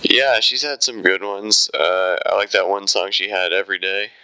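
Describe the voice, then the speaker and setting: Low gravelly guy, dry short answers, sharp edge. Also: fairly even intonation, normal speed, rough recording. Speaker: podcast guest. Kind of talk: casual chat.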